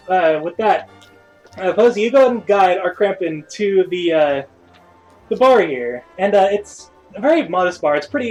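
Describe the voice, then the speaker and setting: A man narrating a tabletop game as game master, pausing often and circling back as he describes the scene. His voice sits a little high. Faint music plays underneath. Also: darkish tone, rough recording. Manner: rambling, full of uhs and restarts.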